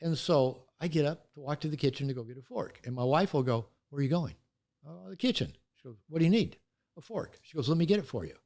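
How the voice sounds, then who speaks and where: A man's voice: fairly high pitch, quick pace, vocal fry. An older man, an author and therapist, talking candidly in an interview and acting out quoted voices as he tells stories. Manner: animated storytelling, acts out quoted voices.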